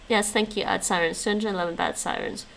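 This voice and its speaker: A woman's voice: mid-range voice, gravelly, fairly bright tone, slight background noise, poor audio. A woman streaming her language study, reading lesson notes aloud and chatting with her viewers, laughing often. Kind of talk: casual live-stream chat.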